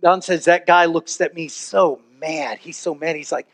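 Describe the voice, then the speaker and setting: A man, a pastor preaching a sermon and telling a story with animated emphasis. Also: fairly high pitch, normal speed, hardly any pauses.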